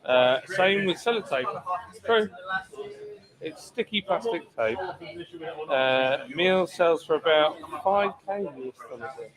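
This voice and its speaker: A man's voice: a little high, expressive, slow, poor audio. A British man hosting a live stream from a brewery taproom, chatting casually, joking and greeting viewers by name as he reads their comments. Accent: British English. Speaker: stream host and taproom bartender. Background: crowd chatter.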